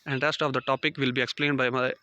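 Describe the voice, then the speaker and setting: A man's voice: medium pitch, level tone, quick pace, pushed and bright, smooth, dry recording, lo-fi sound. A young man from Pakistan presenting part of a class lesson on syllables in a plain, explanatory way. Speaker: student presenter.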